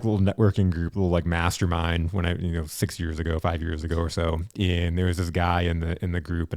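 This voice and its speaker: Man, podcast host, animated and blunt, quick talker. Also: low-pitched, no room sound, studio quality. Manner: animated storyteller, blunt and profane. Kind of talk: casual interview chat.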